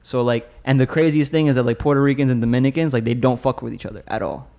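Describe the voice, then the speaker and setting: A man's voice: mid-range voice, fast talker, mellow. A man in a casual chat with friends, teasing and arguing, cursing a lot. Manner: teasing, argumentative, profane.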